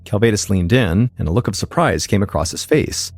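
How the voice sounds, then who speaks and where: A man hosting a podcast, telling a true-crime story in measured, suspenseful scripted narration. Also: lowish voice, expressive, soft background music.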